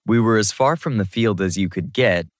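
Brief: male narrator, low voice, close and dry, steady first-person romance reading. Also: normal speed, no echo. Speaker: audiobook narrator.

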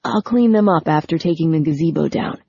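A woman's voice: deep voice, animated, brisk, creaky, mellow, slightly rough, no echo, exaggerated voice. A woman voicing an eager, persuasive young man who talks in a breezy, coaxing way, in a storybook reading. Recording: dull lo-fi recording.

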